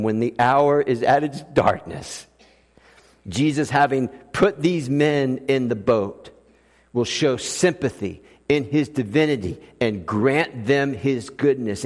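A man preaching a sermon as pastor, telling stories with humor and a lively, conversational manner. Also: mid-range voice. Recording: long hall reverb.

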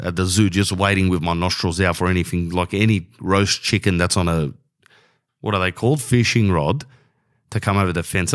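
A man's voice: low voice, fairly bright tone. A young Australian man telling rambling, slangy comic stories in a casual monologue.

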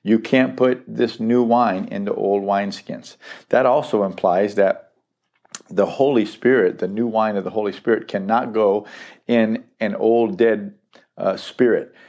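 Middle-aged guy teaching scripture verse by verse, gravelly low voice, keeps repeating the big points. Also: steady tone, a little slow, darkish tone. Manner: emphatic, repeats key phrases for stress. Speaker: Bible teacher.

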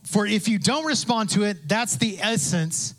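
Male pastor, high voice, lively, conversational sermon delivery with quoted voices. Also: moderate pace. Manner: animated, acts out quoted voices, builds to loud emphasis; conversational with asides and self-interruptions.

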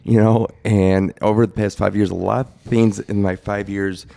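A man's voice: lowish voice, flat delivery, normal speed, creaky, warm tone. A man in his forties telling a personal story in a plain-spoken, rambling way during a casual chat. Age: 40s.

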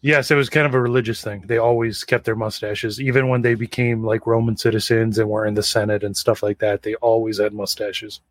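A podcast co-host explains history details in a wry, nerdy way during a casual review chat. His voice sits on the low side with little pitch movement, and he talks briskly with few pauses. The recording is dry.

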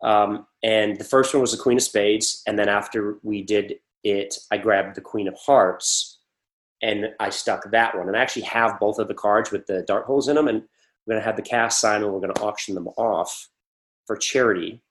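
Low-voiced actor telling lively stories. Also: male voice, normal speed. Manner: rambling, animated storytelling with acted-out quotes. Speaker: actor guest. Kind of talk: casual interview talk.

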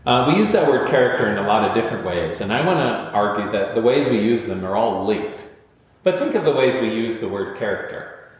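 A man's voice: lowish voice, lively intonation, fairly quick. Male pastor preaching in an echoing hall. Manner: informal, storytelling, self-deprecating asides. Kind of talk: conversational sermon. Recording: echoey hall, dull lo-fi sound.

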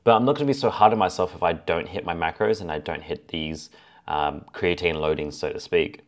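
Deep-voiced man hosting a fitness podcast. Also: a little fast. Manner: chatty, lists points as A and B. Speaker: fitness coach podcast host. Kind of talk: casual solo podcast talk.

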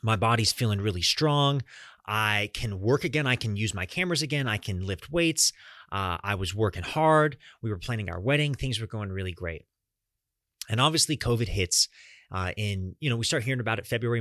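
A man's voice: lowish voice, a bit bright, dry recording. Earnest young man, dry close sound. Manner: earnest, talks straight to listeners as "guys"; swears casually. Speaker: podcast host. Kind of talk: personal storytelling monologue.

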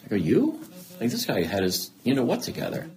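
His voice lands in the mid-range and he talks fast. As an interview guest, this middle-aged news anchor tells candid stories about himself, animatedly playing out both voices in conversations from years ago.

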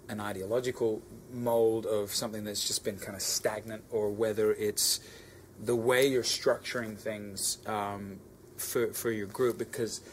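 An Australian man talks earnestly in a backstage interview, pausing and restarting as he searches for words. His voice sits on the low side, and a faint hum lies under it. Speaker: musician guest. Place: backstage at a concert venue.

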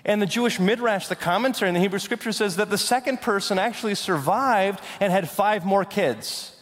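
A young adult man preaching a sermon, swinging from loud, rising declarations to hushed, slow intensity. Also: high-pitched. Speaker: pastor. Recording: long hall reverb.

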